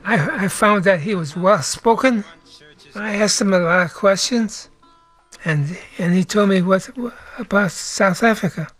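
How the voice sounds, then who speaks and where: An older man answering interview questions in short, halting, soft-spoken replies. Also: sits high, faint music behind.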